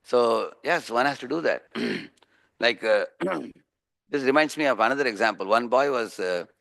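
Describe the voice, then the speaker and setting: Gravelly Indian man preaching a sermon. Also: mid-range voice, very animated, moderate pace, fairly bright tone. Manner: storytelling, often checks in with a questioning "huh?"; acts out the voices of people in his stories. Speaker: preacher giving a scripture class. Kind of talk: sermon with everyday stories.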